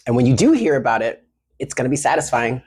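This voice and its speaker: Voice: medium pitch, sing-song, fast, a little mellow, husky. A tarot reader giving a casual reading, affectionate and slangy, calling the listener honey and baby. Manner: chatty with frequent laughs.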